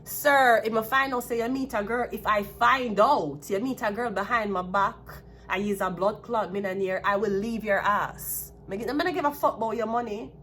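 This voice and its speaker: A woman's voice: medium pitch, moderate pace, few pauses, a bit bright, slight background noise. A woman with a Jamaican accent giving a solo tarot reading, talking bluntly and with plenty of profanity. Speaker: tarot card reader.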